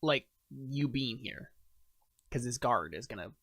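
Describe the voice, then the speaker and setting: A man runs a tabletop game in a relaxed, halting way, full of fillers. His voice sits mid-range, close and dry. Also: mid-range voice, no room sound. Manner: casual, hesitant with many fillers. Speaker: game master.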